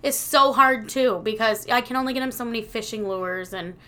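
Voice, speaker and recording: A woman in her thirties chatting casually as a podcast co-host, telling animated stories, laughing often and swearing freely. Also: a little high, fairly quick. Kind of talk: casual chat.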